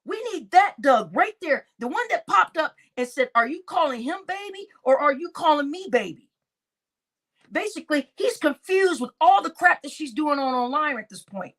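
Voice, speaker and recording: A woman's high voice swings up and down as she rants through livestream commentary. She is indignant and exclaiming, and she speaks straight to her viewers. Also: a bit bright. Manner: indignant, exclaiming, addresses chat.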